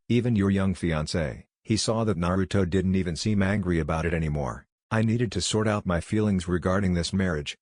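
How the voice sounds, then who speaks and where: A man with a very low voice reads a fan-fiction story aloud at an even, unhurried pace. The sound is dry and close, with no room around it. He reads every character in the same voice. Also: no echo. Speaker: narrator. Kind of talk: scripted fan-fiction narration.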